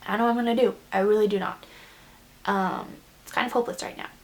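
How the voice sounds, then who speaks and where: A woman's voice: medium pitch, fairly even intonation, quick pace. A young woman vlogging a casual confession, rambling and self-deprecating, close to tears. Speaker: beauty vlogger.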